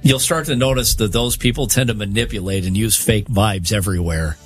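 A man's voice: lowish voice, brisk, faint music behind. A man with a wife and daughters, co-hosting a show and telling stories in casual, emphatic banter. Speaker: radio show co-host.

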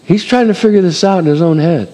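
Preacher in a reverberant hall. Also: male voice, high-pitched, quick pace, mellow. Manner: dramatic, acts out scripture voices, chuckles. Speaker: pastor. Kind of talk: sermon.

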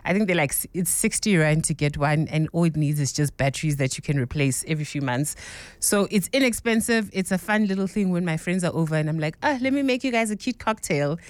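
A woman calls in to a talk show and chats in a bubbly way. Her voice is low, and it sounds dry and close. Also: fairly quick, no room sound. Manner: chatty, bubbly, says "like". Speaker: radio caller. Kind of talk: casual chat on a call-in show.

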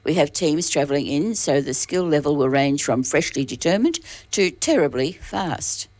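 Woman, very low voice, dry studio sound, reading news. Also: expressive, normal speed, a little mellow, no room sound. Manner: restarts words, dry asides. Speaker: newspaper reader on local radio. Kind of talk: reading news articles aloud.

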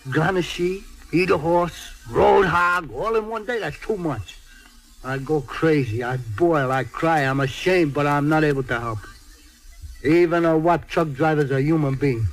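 Excitable stammering truck driver, middle-aged man, high voice, old film drama. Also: unhurried, soft background music, poor audio. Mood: earnest. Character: emotional Italian immigrant truck driver, man.

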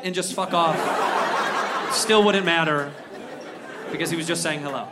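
Stand-up comic, man, high-pitched, lively storyteller; live show with crowd noise. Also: fairly quick, long pauses. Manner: animated storytelling, acts out characters. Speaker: stand-up comedian. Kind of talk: stand-up comedy set. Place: live comedy venue with audience. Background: audience laughter.

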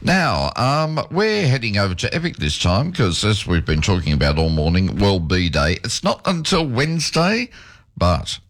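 A friendly man hosts a morning radio show in a studio, joking easily with his guests. His voice sits fairly low but swings up and down with a lot of life. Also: wildly swooping pitch, a bit bright. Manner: friendly, jokey, quick to laugh. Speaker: radio host. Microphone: studio mic.

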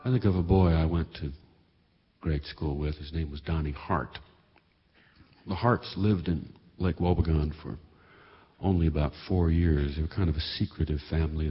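A man telling a story as a leisurely monologue, in a measured, wry manner with understated asides, on a lo-fi recording with a long hall reverb. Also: rumbling low, slightly rough.

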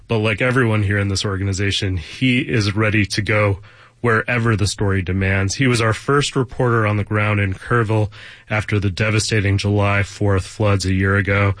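A man's voice: fairly low pitch, a bit bright, dry recording. A man hosting a public radio membership drive, earnestly thanking donors and praising a colleague. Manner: earnest, appreciative. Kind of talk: pledge drive appeal and interview.

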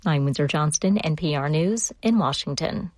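A woman newscaster reading a radio news bulletin from a studio in a steady, measured way. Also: low voice, no echo.

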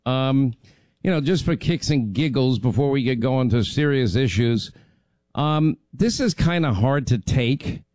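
A man hosts a casual talk radio show, rambling and chatting with many fillers while getting over laryngitis. His voice is mid-range with a darkish tone, and the recording is dry.

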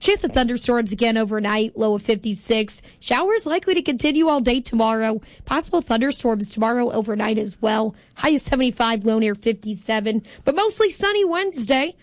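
A woman's voice: fairly high pitch, expressive, a little fast, few pauses, no room sound. A woman co-hosting a morning radio show, chatting casually and sounding sleepy, joking at her own expense and laughing often. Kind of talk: casual on-air chat. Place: radio studio.

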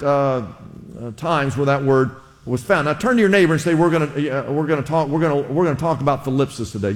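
Pastor preaching in a reverberant hall. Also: male voice, fairly high pitch. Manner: conversational, asks the congregation to repeat words. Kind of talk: sermon.

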